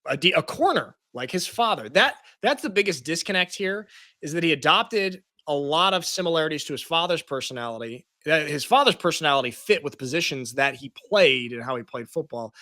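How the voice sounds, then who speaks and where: A man co-hosting a sports podcast, chatting casually with animated, jokey asides. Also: on the high side, brisk, no echo, clean studio sound. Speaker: podcast co-host.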